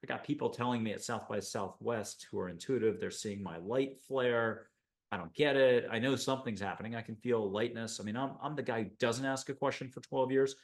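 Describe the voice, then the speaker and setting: A man from the United States hosting a spiritual show, talking in an enthusiastic, rambling monologue full of animated asides. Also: mid-range voice, fairly quick. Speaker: host.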